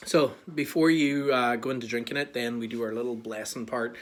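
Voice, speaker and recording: Irish man, casual tasting host, joking and relaxed, mid-range voice. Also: medium pitch, fairly quick. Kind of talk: casual instructional talk. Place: small bar.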